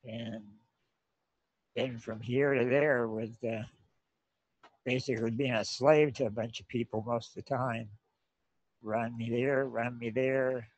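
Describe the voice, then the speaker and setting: A man's voice: mid-range voice, fairly even intonation, unhurried, pauses often, dry recording. A man voicing a young, London-born boy laborer who is cold and polite, rambling a little, in a tabletop game. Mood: polite, chilled. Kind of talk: tabletop role-play voicing. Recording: dull lo-fi mic.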